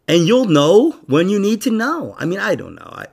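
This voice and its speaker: Brief: middle-aged male podcast host, animated, profane, wide-ranging pitch. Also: measured pace, creaky, breathy edge. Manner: loud, profane, animated, laughing often. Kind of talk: casual podcast chat.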